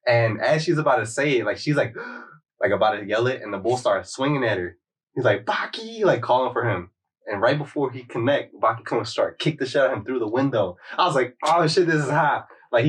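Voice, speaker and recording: A man's voice: mid-range voice, husky, recorded from a distance. A man hosting a podcast, casually retelling a story in a slangy, rambling way with lots of "like.". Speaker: podcast host.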